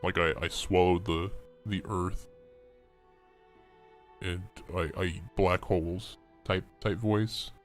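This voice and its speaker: A man putting on an exaggerated deep, booming voice in a mock-grand manner during a casual stream chat. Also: fairly even intonation, slow pace, long pauses, faint music behind.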